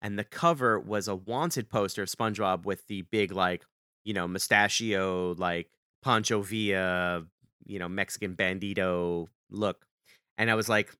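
A fairly low-pitched man with a bright, crisp voice, spinning a story for his podcast co-host in an animated way. He jumps up in pitch whenever he quotes someone. The sound is dry and close. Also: measured pace, dry recording. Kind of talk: casual storytelling chat.

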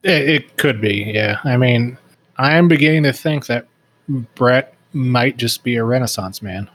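Male podcast co-host, mid pitch, dry and wry, casual. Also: a little slow, a bit bright. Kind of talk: casual book review chat.

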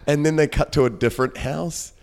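A man's voice: fairly even intonation, fairly quick, creaky. A man hosting a casual movie podcast, acting out imagined scenes as stories. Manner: storytelling, acts out dialogue with big pitch swings. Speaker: podcast host. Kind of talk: casual chat.

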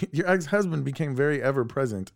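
A man co-hosting a podcast from home, telling personal family stories in a casual, animated way. He laughs often and acts out the voices of the people in his stories. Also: mid-range voice, fairly quick, vocal fry, dry recording, studio quality. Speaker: podcast co-host.

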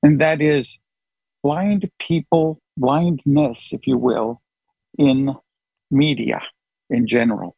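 A man's voice: medium pitch, slow, gravelly, long pauses, breathy edge, no room sound, highs cut off. A man hosting a group call, chatting casually and joking at his own expense. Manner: chatty, joking, self-deprecating. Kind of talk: casual chat.

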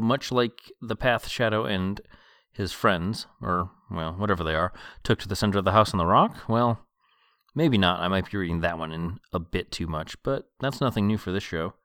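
A man with a very low voice reads a novel aloud for his podcast. His delivery is calm and measured, shifting into relaxed commentary. The sound is dry and close, with no room echo. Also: smooth. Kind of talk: book reading and commentary.

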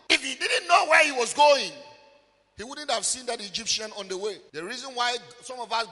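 A man, a pastor preaching with call-and-response and sing-song shouting in a church. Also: very high voice. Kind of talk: sermon. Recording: long reverb, faint music behind.

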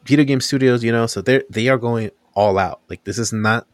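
A man's voice: mid-range voice, a little fast, dry recording, studio quality. A young man in casual podcast chat, telling stories with animation and acting out what others said. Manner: animated storytelling, acts out quotes.

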